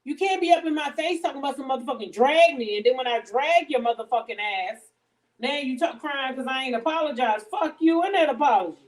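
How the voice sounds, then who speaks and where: A middle-aged woman talks bluntly and profanely on a casual home live stream, cooking while she talks. Her voice sits a little high. She stands a bit back from the phone, so the voice sounds somewhat distant. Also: animated, fairly quick. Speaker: livestream host. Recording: voice a bit off-mic.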